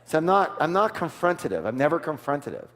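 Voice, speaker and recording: A man giving an energetic sales seminar, asking the audience for call-and-response and switching to a soft, quiet voice to act out offers. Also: fairly high pitch, fast. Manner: drops to a soft, quiet voice for role-played offers. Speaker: seminar speaker. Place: large hall with a live audience. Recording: long hall reverb.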